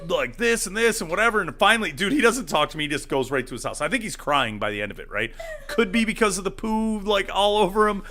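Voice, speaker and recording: Animated high-voiced man telling a story. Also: moderate pace. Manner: animated, laughing, acts out voices in his story. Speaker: podcast co-host. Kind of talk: casual storytelling.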